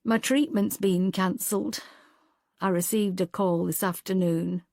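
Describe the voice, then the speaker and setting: A woman voicing a kindly older man who speaks gently, politely and with understatement. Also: sits high, steady tone, unhurried, creaky, dry recording, studio quality. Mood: quiet.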